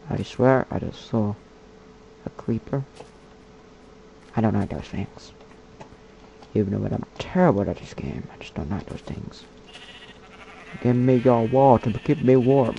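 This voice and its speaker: A man giving casual gameplay commentary in a put-on character voice, muttering, whispering and chatting to the animals on screen. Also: warm tone. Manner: puts on a slow, low, gravelly character voice. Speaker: gamer. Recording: dull lo-fi mic with faint hiss.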